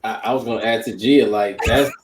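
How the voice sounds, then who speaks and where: A man's voice: fairly low pitch, brisk, slight background noise. A man on a podcast panel, talking in a conversational, informal way and addressing the others directly. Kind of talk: casual discussion. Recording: roomy echo.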